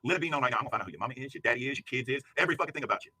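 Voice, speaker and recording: A man shouting a profane, angry livestream rant, hurling insults at a rival. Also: medium pitch, expressive, rapid-fire, slight background noise. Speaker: YouTube streamer.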